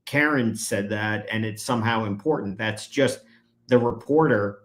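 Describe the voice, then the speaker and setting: A man's voice: lowish voice, moderate pace, a bit bright. A man, a guest attorney, explaining legal procedure in conversation and growing emphatic when he presses a point.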